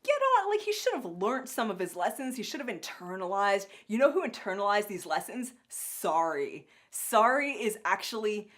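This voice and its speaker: A young woman co-hosting a casual podcast, rambling and animated with lots of filler words. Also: mid-range voice, normal speed, hardly any pauses. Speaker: podcast co-host reviewing a cartoon. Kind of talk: casual chat.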